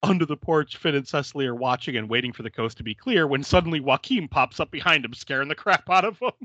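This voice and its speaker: Animated, laughing man recapping a film. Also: a little high, fast, dry recording, highs cut off. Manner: laughs often while retelling scenes; acts out quotes in exaggerated voices. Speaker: podcast host. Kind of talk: casual movie recap chat.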